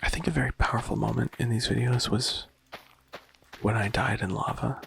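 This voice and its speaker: A man musing quietly in a casual, rambling way while playing a game, with a lot of vocal fry when he speaks softly. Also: medium pitch, fairly even intonation, normal speed, a little hiss or hum. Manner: soft-spoken, rambling and reflective. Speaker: gaming vlogger.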